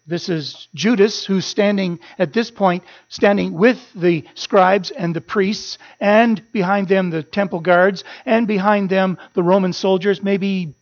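A pastor preaching a sermon, earnest and building to animated emphasis. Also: male voice, high-pitched, vocal fry. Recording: muffled lo-fi sermon recording.

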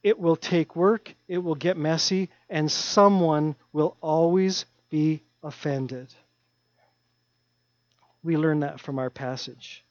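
A middle-aged man preaching a sermon in an earnest way, repeating his key phrases and dropping his voice to a hush at times. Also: fairly high pitch, takes it slowly, no room sound, lo-fi sound. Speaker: pastor.

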